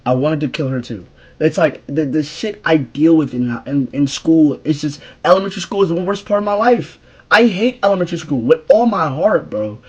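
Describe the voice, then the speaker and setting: Young guy ranting about school, husky voice, slangy and cussing, gets loud then mumbles. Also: muffled recording. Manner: slangy and profane, bursts of loud high exclamations between low mumbled asides. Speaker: streamer telling a story. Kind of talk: casual storytime rant.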